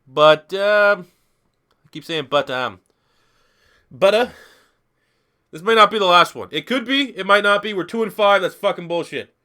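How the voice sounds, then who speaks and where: Tipsy guy streaming a football game, high voice, swears a lot, rambles on. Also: expressive, normal speed, pauses often, bright, forceful tone. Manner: rambling, profane and joking. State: a little tipsy from beer. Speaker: gaming YouTuber streaming. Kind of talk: casual live-stream commentary.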